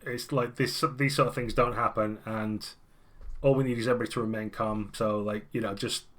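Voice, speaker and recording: A man's voice: lowish voice, flat delivery, a little fast, fairly bright tone, natural voice. Man as a curt young small-town police chief. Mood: stern. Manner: curt, bossy.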